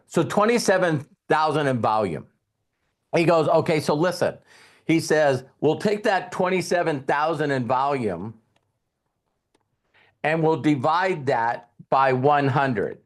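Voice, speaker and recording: A man speaking as a motivational speaker, retelling a past conversation to an audience in a conversational way with emphasis. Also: on the high side. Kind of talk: storytelling speech to an audience.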